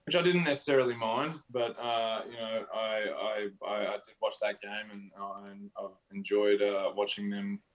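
A man's voice: lowish voice, fairly even intonation, normal speed, hardly any pauses, rough recording. An Australian man as an interview guest, talking casually and rambling with lots of fillers. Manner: rambling, full of "you know" fillers.

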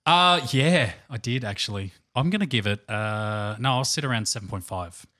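A man's voice: mid-range voice, normal speed, sharp tone. A man co-hosting a podcast in casual chat, with a dry, wry way of talking. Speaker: podcast co-host.

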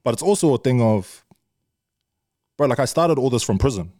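A man's voice: medium pitch, lively intonation, normal speed, darkish tone, dry recording, clean studio sound. Candid swearing New Zealand man. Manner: candid, swears freely, laughs often. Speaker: guest, social media influencer. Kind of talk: casual podcast chat.

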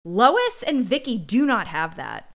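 A woman's voice: a little high, wildly swooping pitch, unhurried, a bit bright. A woman co-hosting a podcast, giving indignant, opinionated commentary on a TV episode in casual chat. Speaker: podcast co-host.

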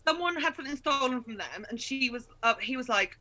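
Bright, animated woman comedian. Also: sits high, brisk, no echo, rough recording. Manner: animated storyteller, acts out childhood outbursts. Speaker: guest comedian. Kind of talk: comedic podcast chat.

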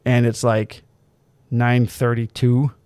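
Podcast co-host, male, mid-pitched, telling stories with acted-out quotes; dry close sound. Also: slow pace, clean tone, no echo. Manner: animated storyteller, swears freely, acts out quotes. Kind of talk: casual storytelling chat.

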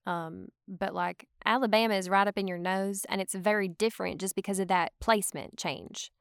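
A woman's voice: mid-range voice, steady tone, moderate pace, gravelly, a bit bright, clean tone, dry recording, studio quality. A woman talking in a casual chat, full of "like" and "um" fillers. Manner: chatty, lots of "like" and "um" fillers.

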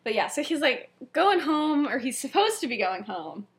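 Young woman co-host, high and very lively, giggly casual storyteller. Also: moderate pace. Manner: giggly, filler-heavy, acts out quoted lines. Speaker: podcast co-host.

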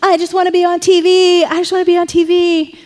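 A woman's voice: very high-pitched, little pitch movement, brisk, darkish tone, voice pushed up. A woman voicing an eager cowboy kid who craves attention. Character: attention-hungry cowboy kid wanting fame. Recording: long reverb in a hall.

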